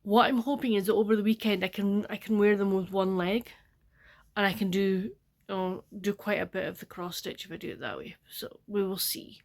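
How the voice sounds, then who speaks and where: An older woman with a Scottish accent, chatting in a rambling, soft-spoken way for her diary-style book vlog at home, often dropping close to a whisper. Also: mid-range voice, steady tone, fairly quick. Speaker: book vlogger.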